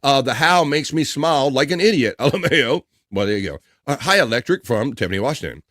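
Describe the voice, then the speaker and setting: A man hosting a casual live stream, reading out chat messages and greetings in a lively, chuckling way. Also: mid-range voice, quick pace, no echo, studio quality. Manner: lively, reads chat names aloud, chuckles often.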